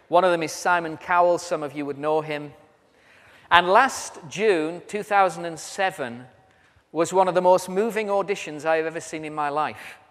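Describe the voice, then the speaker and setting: A British man preaching at a convention, telling stories with humor as he walks about. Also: on the high side. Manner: storytelling with humor, walks around while speaking. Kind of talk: sermon. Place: large convention hall. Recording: reverberant hall.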